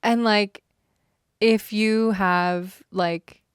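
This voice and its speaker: A young woman co-hosting a casual chat podcast, wry and quick to laugh with playful asides. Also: mid-range voice, steady tone, clean tone, dry recording, studio quality. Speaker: podcast co-host.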